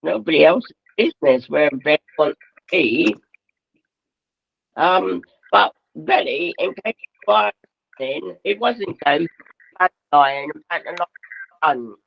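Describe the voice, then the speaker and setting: A woman's voice: low voice, animated, slow pace, vocal fry, long pauses, no echo. A woman chatting casually, drawling and swearing, her thoughts meandering. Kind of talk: casual profane chat. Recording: dull lo-fi audio.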